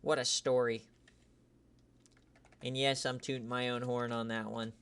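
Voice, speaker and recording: A man giving casual, joking live-stream commentary on a league game as its host, teasing players and getting loud and excited at big plays. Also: mid-range voice, unhurried, clean tone.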